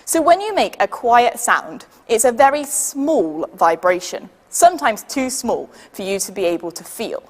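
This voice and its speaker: A woman with a British accent leading a children's science demonstration, patient and lively, counting down for the audience to join in. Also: fairly high pitch, measured pace, few pauses, big-room sound. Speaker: science workshop leader.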